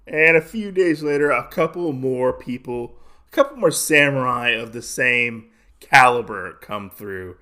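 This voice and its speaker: A young adult man chatting through a comic recap, full of "uh" and restarts. His pitch sits in the middle. The delivery is casual. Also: measured pace, bright, forceful tone. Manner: rambling, many fillers. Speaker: podcast host.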